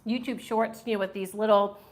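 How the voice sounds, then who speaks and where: A woman's voice: mid-range voice, fairly even intonation, a little fast. A woman hosting a casual live-stream food review, chatty and enthusiastic, reading viewer comments aloud.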